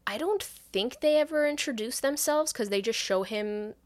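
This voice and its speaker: A fairly high-pitched woman co-host, talking at normal speed, retells a film plot in casual podcast chat. She swears freely and animatedly acts out quotes from the characters.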